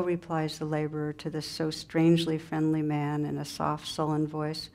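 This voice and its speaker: A woman meditation teacher giving a spiritual talk and telling a story, gentle and unhurried in short pausing phrases. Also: sits low, completely flat delivery.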